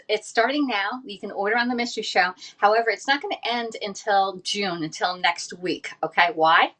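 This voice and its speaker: A woman hosts a relaxed home livestream. She talks in a loose, rambling way, with plenty of um's and restarts, and keeps calling her viewers y'all. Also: mid-range voice. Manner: chatty, says y'all often, many fillers and restarts. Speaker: livestream host selling kitchen products. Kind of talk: casual livestream chat.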